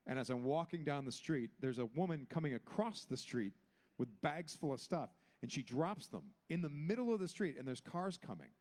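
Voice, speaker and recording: Storyteller, man, 40s, lively pitch, slightly high, acts out all the voices. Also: moderate pace. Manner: acts out every character with big pitch jumps. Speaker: guest actor on a convention panel. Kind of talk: animated anecdote telling. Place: convention panel stage.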